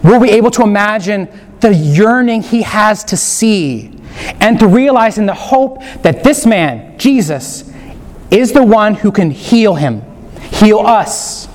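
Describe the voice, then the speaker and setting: A man leading a gentle, inviting guided meditation on Scripture as a preacher. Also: high voice, lively intonation, a little slow. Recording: long hall reverb.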